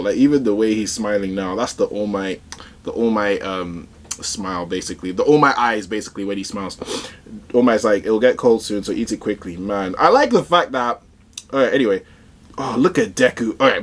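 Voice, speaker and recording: A man giving casual, excitable reaction commentary on a manga chapter, rambling with slang and fillers. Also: fairly low pitch.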